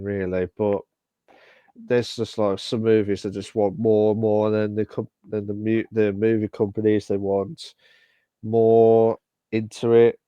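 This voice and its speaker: A man co-hosting a casual podcast, talking in halting bursts with lots of fillers and restarts. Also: fairly low pitch, mellow, smooth, dry recording. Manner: hesitant, many fillers and restarts. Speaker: podcast co-host.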